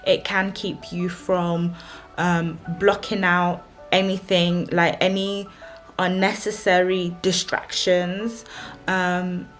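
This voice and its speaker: A woman's voice: on the low side, level tone, slow, soft background music. A young woman, a married vlogger giving chatty, emphatic relationship advice and repeating her warnings. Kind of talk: casual advice talk to camera.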